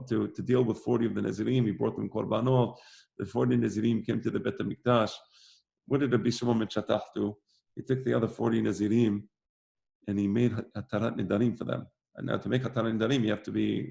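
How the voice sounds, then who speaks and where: Gravelly man giving a casual lecture. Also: medium pitch, a little mellow. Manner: conversational, repeats phrases for emphasis. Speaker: rabbi teaching a weekly class. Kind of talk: informal lecture.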